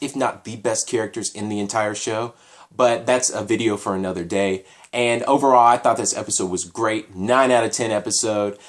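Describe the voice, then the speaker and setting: A man giving a casual solo anime episode review, talking in an animated, repetitive way as he thinks aloud. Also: lowish voice.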